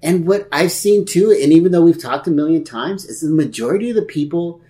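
A man's voice: a little high, fairly quick. A man co-hosting a casual podcast chat, telling stories animatedly and acting out what people said. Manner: animated storyteller who acts out quotes. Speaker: podcast co-host.

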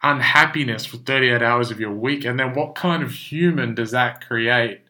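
A man's voice: mid-range voice, normal speed, pushed and bright. A young man hosting a podcast, talking bluntly and emphatically while his voice is strained from overuse. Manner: blunt, emphatic, swears when making a point. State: losing his voice. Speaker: podcast host. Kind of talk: casual solo podcast monologue.

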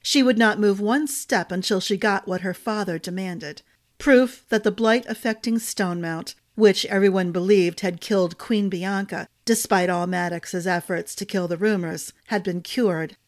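A woman's voice: medium pitch, normal speed. Woman narrating a fantasy audiobook. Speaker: storyteller.

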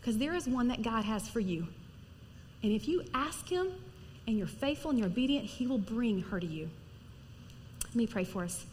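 A woman's voice: on the high side, animated, normal speed, long pauses. Earnest preaching woman in a reverberant church. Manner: earnest, conversational preaching with sudden soft drops. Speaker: pastor's wife preaching. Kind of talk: sermon. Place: large church hall. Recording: long hall reverb, faint noise.

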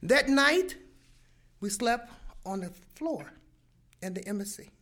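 Animated older woman telling a story. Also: fairly high pitch, slow. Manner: animated, acts out sounds and voices. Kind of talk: personal storytelling to an audience.

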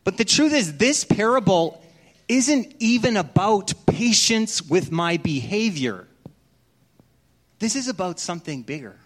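Conversational middle-aged male pastor. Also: high-pitched. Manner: conversational storytelling, drops to a hushed voice at tender moments. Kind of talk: sermon.

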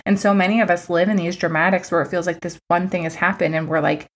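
Lower-ish voice, woman coach doing a chatty solo podcast, swears casually, says like a lot. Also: steady tone, fast, few pauses. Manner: candid, chatty, swears freely, many "like" fillers.

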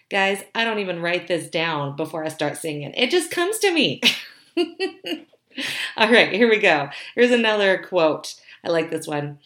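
Chatty woman vlogger reviewing books, slightly low voice, echoey room. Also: very animated, a little slow, a bit bright. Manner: chatty and bubbly, laughing easily. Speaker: book reviewer. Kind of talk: casual chat to camera. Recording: roomy echo.

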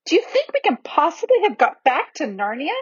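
A woman voicing Lucy, a startled young English schoolgirl who cries out high and breathless, in a dull, dry recording. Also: normal speed, no room sound, natural voice. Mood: alarmed.

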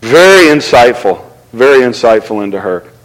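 A male pastor preaching a sermon in an animated, conversational way, asking the crowd to respond. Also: medium pitch, moderate pace, in a large hall, low-quality recording.

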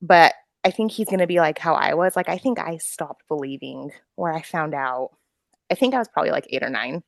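A woman co-hosting a podcast, chatting casually at home with many fillers and a lively, talkative manner. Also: sits low, brisk, vocal fry, no echo, clean studio sound. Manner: chatty, lots of fillers, laughs often. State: out of breath. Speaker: podcast co-host. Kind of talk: casual chat. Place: at home, away from a room with the kids.

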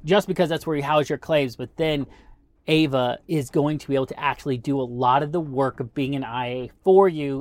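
A man's voice: on the high side, dry recording. Upbeat encouraging male podcast host. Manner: encouraging, coaching tone with rhetorical questions. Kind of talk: casual motivational talk.

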